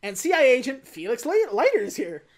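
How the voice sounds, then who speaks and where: Talking fast in a high-sitting voice, a female podcast co-host recaps a film in relaxed conversation. She acts out characters' lines and laughs while speaking, keeping the retelling animated.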